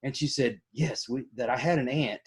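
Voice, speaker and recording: A man's voice: medium pitch, normal speed, slightly rough. A man, a podcast host in casual interview chat, folksy and joking.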